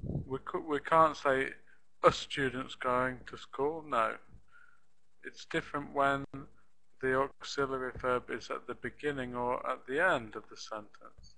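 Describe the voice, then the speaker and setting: Slow, patient male English teacher. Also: mid-range voice, fairly even intonation, gravelly, pushed and bright, rough recording. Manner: slow, patient explaining with repeated model phrases. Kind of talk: live online class teaching.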